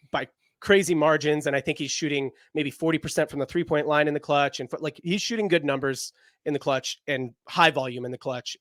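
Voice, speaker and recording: A man's voice: on the high side, a bit bright, dry recording, studio quality. A young man co-hosting a casual basketball chat, rambling with lots of "like" fillers. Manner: rambling, heavy use of "like" fillers. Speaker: basketball podcast co-host.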